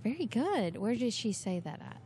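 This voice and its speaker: Chatty woman hosting a quiz, mellow voice. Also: on the high side, sing-song, normal speed, slight background noise. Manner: chatty, upbeat, laughs easily. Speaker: podcast host running a movie quiz. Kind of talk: casual chat. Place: couch area of a busy bar and venue.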